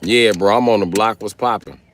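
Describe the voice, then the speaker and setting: A man's voice: on the low side, fairly quick, a little hiss or hum. A man ranting on a casual livestream, profane and confrontational, heckling his viewers.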